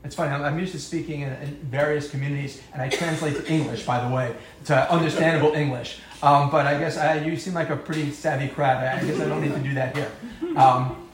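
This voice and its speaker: Man in an echoey room, slightly high voice. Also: steady tone, a little fast, a little hiss or hum. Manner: conversational, acts out quoted voices, self-deprecating humor. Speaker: speaker giving a talk on marriage and parenting. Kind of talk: live talk to an audience.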